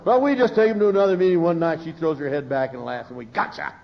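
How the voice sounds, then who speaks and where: An older man at a recovery meeting, telling funny stories and acting out the voices of the people he quotes. His voice sits a little high for a man. The live recording sounds muffled and lo-fi. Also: quick pace, slight background noise. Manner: humorous, animated, acts out quoted voices. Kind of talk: storytelling talk from a podium.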